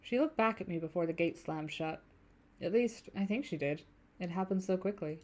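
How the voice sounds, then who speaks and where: A woman's voice: on the low side, moderate pace, darkish tone. A young adult woman streaming a story game, reading narration aloud and chatting casually with viewers, cursing freely. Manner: casual, swears freely, chats with viewers between passages.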